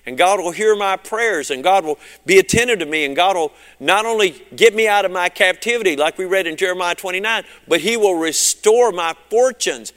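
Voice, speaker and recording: Southern male pastor, fervent sermon delivery, bright forceful tone, long hall reverb. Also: high-pitched. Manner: fervent preaching, surging and dropping in loudness.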